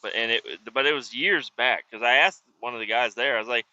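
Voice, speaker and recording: Profane rambling man, very bright voice. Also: mid-range voice, fairly quick, no room sound, lo-fi sound. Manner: profane, rambling, frequent restarts. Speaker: roadside service worker vlogging. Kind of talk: casual rambling vlog.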